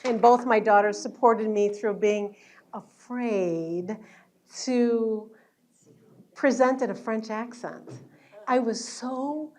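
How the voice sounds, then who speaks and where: Speaking slowly in a fairly high voice, an educational entertainer addresses the audience at a luncheon in an event hall after her show. She's chatty and warm, telling stories punctuated by laughter.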